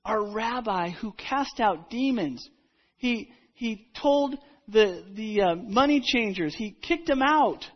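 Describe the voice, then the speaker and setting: A woman retelling a Bible story in the first person as a disciple, halting and repeating herself, dropping to a hush and then rising loud. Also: fairly high pitch, animated, husky. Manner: halting, with repeated words and restarts; dramatic swings between hushed and loud. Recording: dull lo-fi recording.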